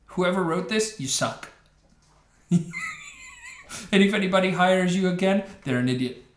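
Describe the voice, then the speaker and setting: A man's voice: high voice, animated, a little slow, a little hiss or hum. A man hosting a game reaction video, giving opinionated, sarcastic commentary and laughing often. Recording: roomy echo.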